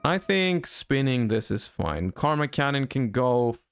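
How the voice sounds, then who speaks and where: A man streaming a card game live, thinking his plays through out loud, with sudden excited outbursts. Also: medium pitch, unhurried, gravelly, clean tone, no room sound. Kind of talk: live-stream gameplay commentary.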